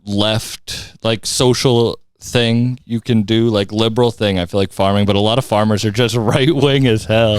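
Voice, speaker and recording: A man's voice: fairly low pitch, fairly even intonation, normal speed, few pauses, smooth, dry recording, studio quality. Laughing, joking male podcast host. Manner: laughs often, jokey and crude. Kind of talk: casual interview chat.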